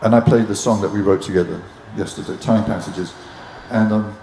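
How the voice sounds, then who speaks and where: A man's voice: fairly low pitch, fairly even intonation, fairly quick, creaky, warm tone, reverberant, slight background noise, rough recording. A man from England, a musician, recounting his career hesitantly at a live Q&A. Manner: hesitant, with many restarts. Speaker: guest musician.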